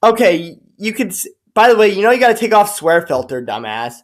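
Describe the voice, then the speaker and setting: A man's voice: sits high, sing-song, a little fast. A man, a YouTuber, ranting in a vlog, cursing and sarcastic, rambling with restarts. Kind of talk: profane angry rant vlog.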